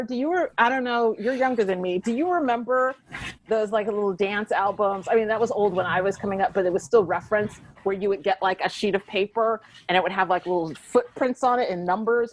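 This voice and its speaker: A woman's voice: medium pitch, fast talker, rough recording. A woman hosting a podcast, chatting casually and rambling about a TV episode with lots of fillers and giggles. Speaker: podcast host.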